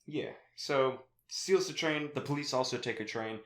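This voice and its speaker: A man's voice: mid-range voice, normal speed, fairly bright tone, reverberant. A young man hosting a casual film podcast, laughing often and briefly mimicking characters in silly voices. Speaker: podcast host.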